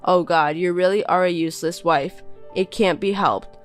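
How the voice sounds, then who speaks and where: A woman's voice: fairly low pitch, moderate pace, faint music behind, close to an everyday voice. A woman voicing a contemptuous young husband who belittles and bosses his wife in a text-message story. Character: scornful insulting young husband.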